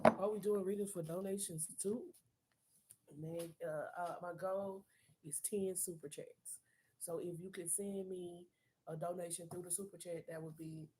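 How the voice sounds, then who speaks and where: A woman's voice: on the low side, mellow, a little hiss or hum. A woman reading tarot on a live stream, coaching the viewer in an emphatic, streetwise, profane way and repeating phrases for emphasis. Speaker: tarot reader.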